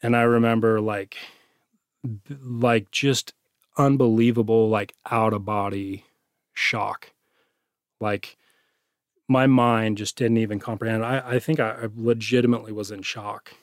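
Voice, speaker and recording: Male interview guest, somewhat low voice, halting delivery with fillers, dry sound. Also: fairly even intonation, no room sound. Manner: halting, many restarts and fillers. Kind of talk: personal story in an interview.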